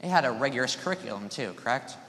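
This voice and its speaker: During a mock trial, a teenage boy with a mid-range, lively, fast and fairly bright voice cross-examines a witness, pushing leading questions and cutting in to demand yes or no. The room is echoey with a long reverb.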